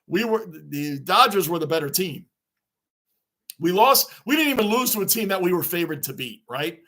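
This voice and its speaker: A man hosting a live sports reaction stream, excitable and rambling as he answers viewers' chat. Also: sits high, normal speed. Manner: excitable, talks back to chat comments, rambling.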